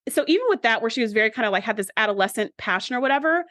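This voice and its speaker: A woman co-hosting a podcast, casually recapping a TV episode in a chatty, animated way. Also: fairly high pitch, racing, no room sound. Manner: chatty, animated retelling with acted quotes. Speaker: podcast co-host. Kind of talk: casual chat.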